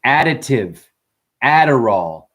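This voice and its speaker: A man ranting profanely to his livestream chat, often mimicking customers in high voices. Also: big pitch swings, takes it slowly, fairly bright tone. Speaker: livestream host. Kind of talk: rambling livestream rant.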